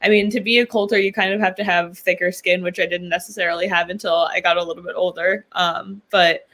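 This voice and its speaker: A young woman from New York talks as a guest on a podcast in a loose, chatty way. Her voice is bright and forward, and her sentences are full of fillers and small laughs. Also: fairly low pitch, steady tone, fast. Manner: chatty, laughs often, many ums and likes. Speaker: podcast guest, political commentator. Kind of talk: casual interview chat.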